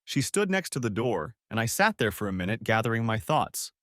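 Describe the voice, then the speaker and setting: Male audiobook narrator, dramatic first-person telling, lively pitch, dry close sound. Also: a little fast, no echo. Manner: dramatic, emotional storytelling.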